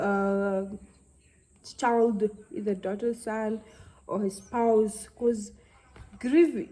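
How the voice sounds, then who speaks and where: A young woman, talking to camera in a halting, heartfelt way and close to tears. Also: mid-range voice, mellow, low-quality recording. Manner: halting, heartfelt, with many restarts. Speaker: vlogger. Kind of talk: casual talk to camera.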